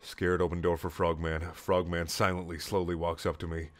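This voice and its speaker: A young man reading a comedic story aloud in clipped, deadpan lines with sudden loud outbursts. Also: low-pitched, normal speed, dry recording.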